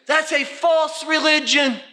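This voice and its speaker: High-pitched, bright-voiced fervent male preacher. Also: steady tone, slow pace. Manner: fervent, swings from quiet to shouting. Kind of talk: sermon.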